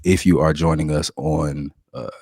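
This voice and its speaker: A man's voice: a bass voice, steady tone, normal speed, creaky, a little mellow, husky, dry recording, studio quality. An American man hosting a casual podcast, laid-back as he welcomes the crew and reads the show plugs. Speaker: podcast host.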